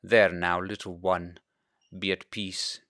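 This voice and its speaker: A man voicing a kind, strong father in a storybook reading, speaking softly and calmly. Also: mid-range voice, slow, dry recording, clean studio sound, full character voice. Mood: gentle. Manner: soft, calm and reassuring.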